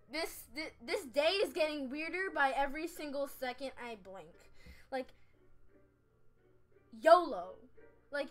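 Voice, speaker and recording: Young girl gamer chattering away, high pitched, giggly and all over the place. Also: sharp tone. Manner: giggly, scatterbrained, rambling. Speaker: gaming vlogger. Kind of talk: casual game commentary.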